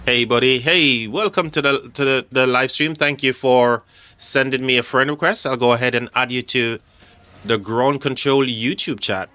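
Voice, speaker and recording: A man's voice: mid-range voice, normal speed, pushed and bright. A man hosting a live game stream, chatty and joking with his chat, calling people mate. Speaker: livestream host. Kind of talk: casual live game commentary. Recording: faint music behind the voice.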